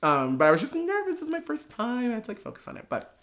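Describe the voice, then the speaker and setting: A man guest on a chat show, telling a casual story in an excitable, gushing way with many fillers. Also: very high voice, fast. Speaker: podcast guest, drag performer.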